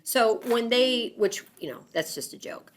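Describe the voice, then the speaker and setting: A woman's voice: fairly high pitch, a little slow. A woman, a guest in an interview, telling a personal story with lots of fillers and acting out what others said. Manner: animated, lots of fillers, acts out quoted voices.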